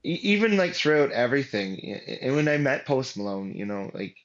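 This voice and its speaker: A man's voice: mid-range voice, very animated, brisk, lo-fi sound. A man as interview guest, telling his story casually with lots of fillers and restarts. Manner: rambling, many fillers and restarts.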